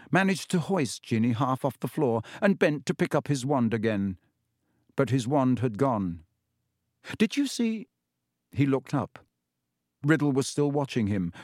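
A man's voice: medium pitch, darkish tone, dry recording. Male audiobook narrator, dry close sound. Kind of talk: audiobook reading.

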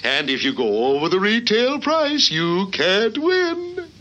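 Smarmy cartoon game show host. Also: male voice, high voice, very animated, takes it slowly, sharp tone, lo-fi sound, exaggerated voice. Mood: showy. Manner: showy announcer patter, chuckling.

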